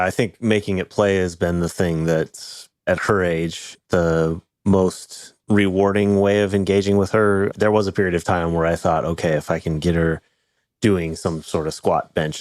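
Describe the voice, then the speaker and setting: A man's voice: low voice, a little mellow, dry recording. A man hosting a podcast, speaking candidly and reflectively in casual conversation. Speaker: podcast host.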